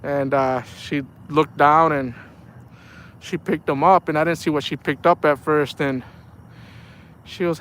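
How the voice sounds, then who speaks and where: A man's voice: a little high, steady tone, unhurried, long pauses, fairly bright tone, slight background noise. A man chatting casually on a fishing livestream from outdoors by the water, rambling in a laid-back way and often saying "man". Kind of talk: casual live chat while fishing.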